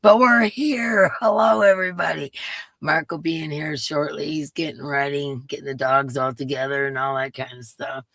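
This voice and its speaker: Casting note: woman host, hoarse and gravelly, chatty, dry close sound. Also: rumbling low, level tone, moderate pace, hardly any pauses, fairly bright tone, no room sound. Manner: chatty, reads viewer names aloud. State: hoarse, voice coming and going. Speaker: livestream host. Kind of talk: casual live-stream chat greeting viewers.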